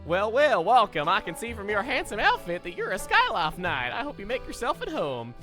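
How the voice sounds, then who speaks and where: A man voicing a gruff, bossy male pub owner with a stern, scolding manner and a rough try at a southern drawl, over game music. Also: high voice, expressive, a little fast, sharp tone.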